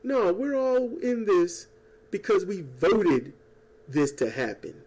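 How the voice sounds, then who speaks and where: A man talking at home in a casual political rant. He rambles, swears and turns sarcastic, tossing in quick mocking impressions. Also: high-pitched, sing-song, a little mellow. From United States. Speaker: YouTuber. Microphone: old desk microphone.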